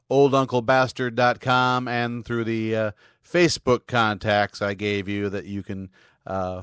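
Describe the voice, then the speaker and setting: Slow-talking sardonic male podcast host. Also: mid-range voice, a bit bright, clean tone, no echo. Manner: sardonic, mocking political commentary. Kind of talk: casual podcast sign-off. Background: music bed.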